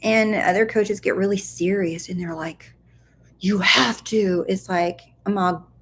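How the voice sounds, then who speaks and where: A woman's voice: medium pitch, fairly even intonation, moderate pace, slight background noise. A woman life coach chatting casually on a live stream, answering viewer questions in a playful, goofy way and often checking in with her listeners. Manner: chatty, playful and goofy, full of "like" and "do you see?". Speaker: law of attraction coach.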